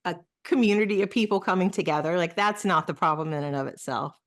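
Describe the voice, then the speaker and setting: A woman who used to be a pastor, speaking as a podcast guest, reflective and searching, with many pauses and restarts. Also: on the low side. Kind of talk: casual conversation.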